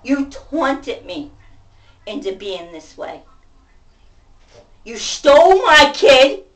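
A woman venting to camera in a profane rant, going from shouting to muttering. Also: high-pitched, sing-song, drawn-out words. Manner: profane, ranting, swings between shouting and muttering. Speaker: vlogger. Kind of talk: angry venting monologue. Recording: voice distant from the mic.

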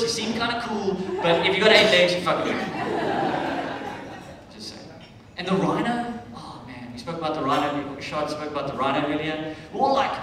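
A South African man performs a stand-up set, his voice pitched high and loud, swearing and breaking into shouted punchlines. He is taped from far off in a long, echoing club hall, and a crowd laughs clearly behind him. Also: lively intonation, a little fast. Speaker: stand-up comedian. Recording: echoey club room taped from a distance.

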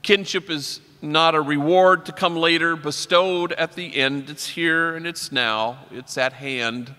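A man's voice: a little high, a little slow, pushed and bright. A man, a priest, giving an inspirational conference talk full of stories and quotations. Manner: story-driven, quotes poets and people he works with. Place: large conference hall. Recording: long hall reverb.

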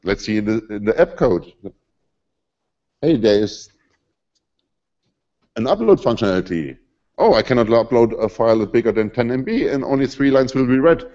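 A man in his forties with a German accent addresses a conference audience in a conversational, emphatic way. His pitch sits in the middle range. The recording is a bit dull and lo-fi. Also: expressive, normal speed, pauses often, mellow. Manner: conversational, emphatic, slightly non-native phrasing. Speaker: conference speaker. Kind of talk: live conference talk. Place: conference hall.

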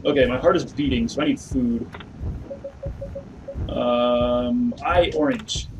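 A man's voice: medium pitch, slow, recorded from a distance, noisy background. A man giving let's play commentary on a horror game, talking to himself, humming along and yelping when scared. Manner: excitable, talks to himself, hums along, yelps when scared. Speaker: gamer playing a horror game. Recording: voice a bit off-mic over clear game music.

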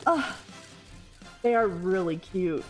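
A woman's voice: on the low side, expressive, slow, a little mellow, soft background music. A woman streaming a casual reaction to a show, exclaiming and blunt.

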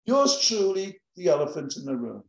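Man, slightly high voice, dry storytelling read, echoey meeting room. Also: sing-song, moderate pace, vocal fry. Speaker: open mic speaker. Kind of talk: reading a satirical advice letter aloud.

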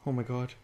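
A man's voice: mid-range voice, mellow. A man playing a zombie game on camera, talking jokily and nervously, swearing and yelping at the scares, recorded on a desktop microphone at home. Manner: jittery, jokey, swears and yelps. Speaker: gaming YouTuber. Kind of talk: frightened let's-play commentary. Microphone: desktop USB microphone.

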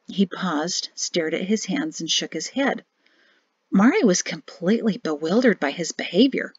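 A woman's voice: on the low side, lively intonation, normal speed, husky, no echo, highs cut off. A woman narrating a novel as an audiobook reader, reading expressively. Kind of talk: scripted narration.

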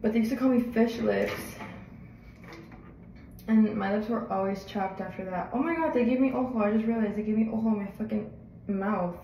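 A young woman in her twenties chats animatedly as she does her makeup, swearing freely. Her voice sits a little high. The recording sounds roomy and echoey, with her a bit away from the mic. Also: normal speed, mellow, far from the mic, slight background noise. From El Paso, Texas. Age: 20s. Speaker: vlogger. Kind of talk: casual get-ready-with-me storytelling.

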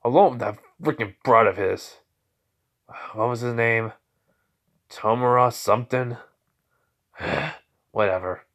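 A man's voice: medium pitch, slow, long pauses, a bit bright. A man voicing a cowardly male sludge monster villain who whines and pleads. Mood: grumbling. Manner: pleading, whiny.

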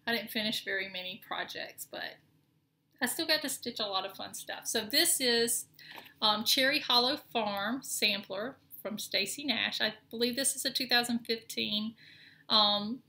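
A middle-aged woman with a Southern accent and a bright, forceful, somewhat high voice shows her cross-stitch projects at a slightly slow pace. In this casual show-and-tell she's chatty and rambling, often saying um and restarting her sentences.

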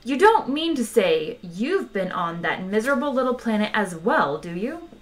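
A woman's voice: medium pitch, sing-song, moderate pace, close to an everyday voice. A woman reading aloud, voicing a cool, worldly alien traveller who drawls and grows exasperated.

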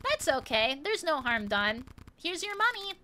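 A woman's voice: high-pitched, big pitch swings, unhurried, sharp tone, a little hiss or hum, heavily acted. A woman voicing a polite, apologetic female restaurant clerk, reading game dialogue.

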